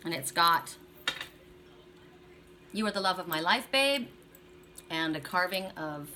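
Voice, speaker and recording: A woman's voice: on the low side, background noise. A middle-aged woman reading oracle cards for viewers in a chatty, encouraging way. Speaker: tarot and oracle card reader.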